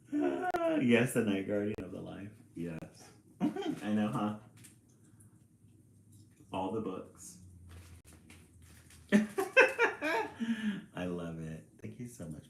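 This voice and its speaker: A man's voice: lowish voice, vocal fry, slight background noise. Chatty guy reading a kids' book on stream, laughs a lot, echoey room. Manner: chatty, laughs often, greets viewers. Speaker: storyteller and livestream host. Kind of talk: reading a picture book aloud on a livestream. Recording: roomy echo.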